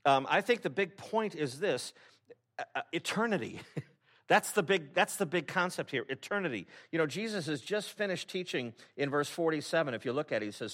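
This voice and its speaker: With a fairly high, fairly bright voice, a pastor preaches animatedly and fairly quickly to his congregation. His manner is wry and conversational, full of broken-off and restarted sentences.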